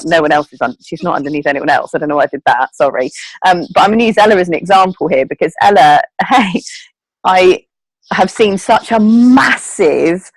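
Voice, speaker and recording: A woman's voice: on the low side, dry recording, low-quality recording. Woman on a video call, chatty and earnest, lots of ums, dry close sound. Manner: chatty, earnest, emotional, with many fillers and laughs. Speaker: network marketing team leader. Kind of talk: casual group video call talk.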